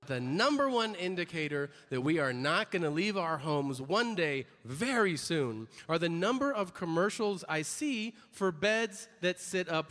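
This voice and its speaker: A man's voice: a little high, long reverb tail, noisy background. A man performing a stand-up comedy set, ranting with exasperated, profane punchlines and acted-out voices.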